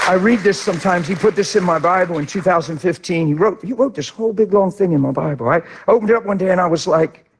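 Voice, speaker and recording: A middle-aged man preaching a sermon with impassioned delivery, swinging from hushed to loud. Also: on the high side, a little hiss or hum. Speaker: pastor.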